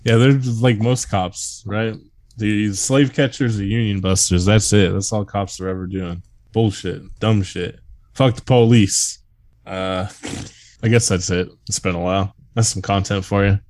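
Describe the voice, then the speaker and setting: A man's voice: on the low side, fairly even intonation, unhurried, a little mellow, dry recording. A man hosting a podcast in casual comedic banter, joking, swearing and laughing often. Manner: profane, jokey, laughs often. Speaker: podcast host.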